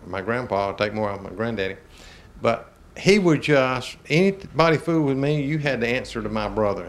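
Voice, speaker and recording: Host: older man from Georgia, plain mid-pitched voice, animated folksy storytelling. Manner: animated, chuckling, drawling Southern speech. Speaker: talk show host.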